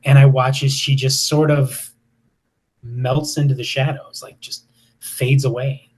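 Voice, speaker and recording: A man's voice: mid-range voice, flat delivery, unhurried, slightly rough. A man in his fifties, a paranormal investigator, telling stories casually in an interview with many fillers and restarts.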